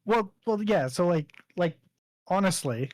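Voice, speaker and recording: A man's voice: sits high, expressive, a little slow, a little mellow, dry recording. Laughing Canadian man, dry close sound. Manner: laughs often, stammers on repeated words. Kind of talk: casual chat.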